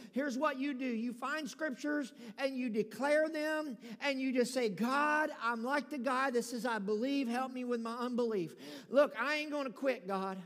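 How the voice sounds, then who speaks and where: A man preaching a sermon as pastor, folksy and emphatic, building up to shouts. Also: very high-pitched. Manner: folksy storytelling with humor. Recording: long hall reverb.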